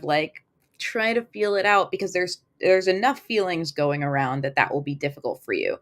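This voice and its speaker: Chatty woman with a lowish voice. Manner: chatty, rambling with fillers, acts out quoted thoughts. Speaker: tarot reader hosting a live stream. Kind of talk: casual live-stream chat.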